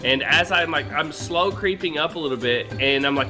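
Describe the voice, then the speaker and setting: A young man's fairly high voice carries a loud, profane story over a gaming voice chat. He swears freely and drives the tale with animated energy, while music plays clearly behind him. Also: fast talker. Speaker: gaming channel host. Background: background music.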